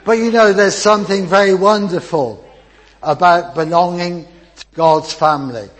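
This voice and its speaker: An older grandfather leads a church children's talk in a chatty, encouraging way, often restarting his sentences. His voice is slightly husky and sits a little high for a man. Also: normal speed, low-quality recording. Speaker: preacher leading a children's talk. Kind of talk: informal church talk with audience participation.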